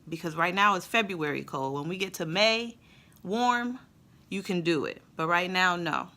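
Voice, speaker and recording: A woman and mother telling a family story in a casual, expressive way, then drawing a faith lesson from it. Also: lowish voice, moderate pace. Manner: conversational, expressive, with fillers. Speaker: mother and Christian vlogger.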